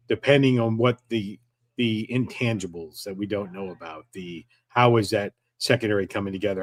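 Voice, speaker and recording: A man co-hosting a casual sports podcast, telling stories in an animated, irreverent, joking way. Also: on the low side, no room sound. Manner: animated, irreverent storytelling with jokes. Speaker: co-host.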